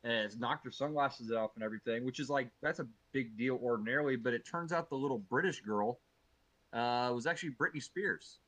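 A man's voice: medium pitch, a little fast, no echo, rough recording. A man co-hosting a comedy podcast, chatting casually with swearing and mock outrage. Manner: animated, profane, mock-outraged. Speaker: podcast co-host.

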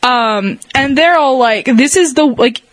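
A woman's voice: sits high, measured pace, no echo. A woman in her twenties with a smoker's cough, chatting frankly, swearing and making fun of herself. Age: 20s. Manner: frank, sweary, self-mocking. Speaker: friend in casual chat. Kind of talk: casual chat.

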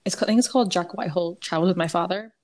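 A woman's voice: lowish voice, rapid-fire, darkish tone. A woman co-hosting a podcast over a video call, rambling casually with lots of "like" and the odd swear. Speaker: podcast co-host. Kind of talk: casual chat.

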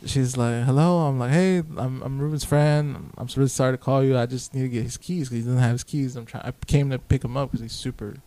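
A man's voice: medium pitch, steady tone, fairly quick, hardly any pauses, warm tone. A young man casually telling a long story on a podcast, profane and laid-back, acting out both sides of the conversation. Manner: profane, laid-back, quotes himself a lot. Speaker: podcast guest.

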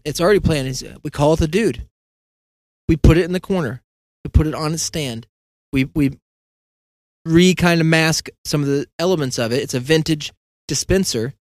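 A man's voice: on the high side, expressive, moderate pace, no room sound. A man hosting a podcast, telling a long meandering story in a casual, self-deprecating way and acting out the conversations he recounts. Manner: meandering, self-deprecating, acts out quoted dialogue. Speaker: podcast host. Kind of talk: casual rambling monologue.

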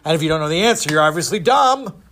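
A man's voice: fairly high pitch, animated, quick pace, fairly bright tone, a little hiss or hum. Mean show-off young man, storybook bully, read by a man, taunting and boastful. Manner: taunting, bragging.

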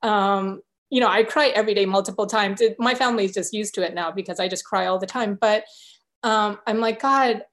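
A woman's voice: medium pitch, fairly quick, fairly bright tone. A woman guest in a conversational interview, telling her story in an earnest, openly emotional way.

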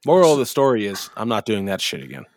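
A man's voice: lowish voice, sing-song, fast, no room sound, studio quality. A man co-hosting a podcast, telling a rambling, profane story in casual chat. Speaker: podcast co-host.

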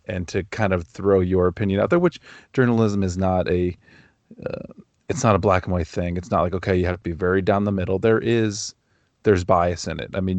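Low-voiced dude hosting a podcast, opinionated, long run-on thoughts. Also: male voice, darkish tone, no echo, muffled recording. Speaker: podcast host. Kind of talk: casual podcast conversation.

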